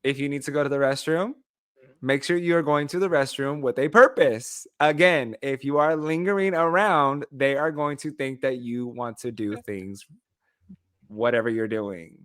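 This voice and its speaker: A man's voice: mid-range voice, moderate pace, a bit bright, no room sound, studio quality. A man in his thirties, a podcast co-host, giving frank and chatty travel advice. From United States. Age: 30s. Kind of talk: casual chat.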